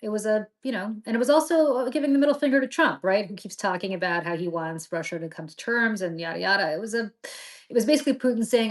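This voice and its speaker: A woman's voice: mid-range voice, fast talker. A middle-aged woman hosting a political talk show, talking with passion and indignation and often restarting her sentences. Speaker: podcast host.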